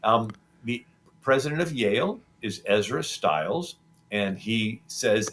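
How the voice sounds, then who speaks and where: The interviewed historian here is a man with a low-leaning, somewhat bright voice, speaking slowly and expressively. He tells history in a rambling, chatty way full of ums and restarts, and there's a little hiss or hum.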